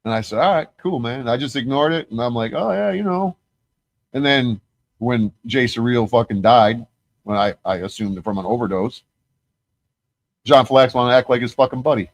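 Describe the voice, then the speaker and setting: Man, podcast host, heated, swearing a lot, rambling, mid pitch, dry close mic. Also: moderate pace, dry recording. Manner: profane, heated, rambling storytelling. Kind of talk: casual conversation.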